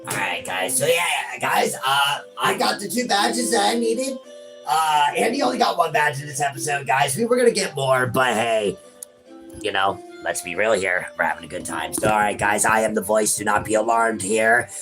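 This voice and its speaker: A man's voice: on the low side, sing-song, moderate pace. A man hosting a casual gaming session, joking around, swearing and calling everyone bro and buddy. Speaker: gaming channel host. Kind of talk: casual let's-play banter. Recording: music playing behind the voice. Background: game music.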